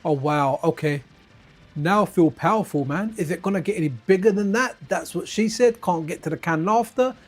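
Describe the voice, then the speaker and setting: Faint game music accompanies a man hosting a retro gaming livestream, his voice sitting high at a normal speed. He keeps up loose, rambling commentary and chat with viewers, laughing as he goes.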